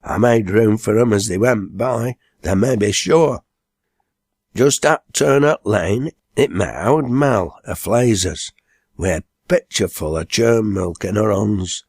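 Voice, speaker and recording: A man voicing a jittery young village farmhand with a broad Lancashire accent, rambling excitedly. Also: lowish voice, slow, no room sound, clean studio sound. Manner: rambling, excitable dialect tale.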